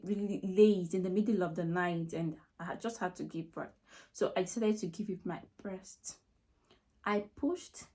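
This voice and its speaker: A woman's voice: fairly low pitch, mellow. A young Nigerian woman with a Nigerian accent, emotionally retelling a personal story to camera in a repetitive, filler-heavy way. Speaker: vlogger.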